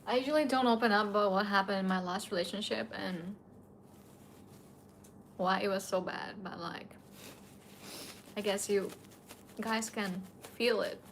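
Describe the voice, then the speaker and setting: A woman's voice: medium pitch, fairly even intonation, a little slow, creaky, long pauses, slight background noise. A young woman streaming late at night, a bit tipsy and emotional, tearfully answering her chat in casual talk.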